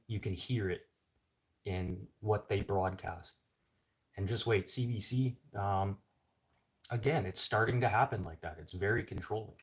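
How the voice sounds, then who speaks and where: Low-voiced canadian guy in his middle years ranting on his vlog, blunt, swears a lot, flares up. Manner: blunt, swearing, rising to outbursts. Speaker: vlogger. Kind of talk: casual ranting monologue.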